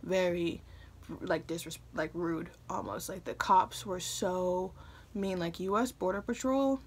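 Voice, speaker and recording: A woman in her early twenties from Michigan, telling a personal story to a phone camera in a chatty way, with lots of fillers and quick asides. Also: fairly low pitch, fairly even intonation, husky. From Michigan, USA. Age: early 20s. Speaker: vlogger. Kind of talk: casual storytime.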